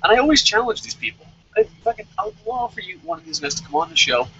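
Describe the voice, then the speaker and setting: A man's voice: sits high, big pitch swings, fast, sharp tone, breathy edge, muffled recording. A young man reviewing a wrestling show in a heated, profane rant. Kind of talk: angry rant in casual chat.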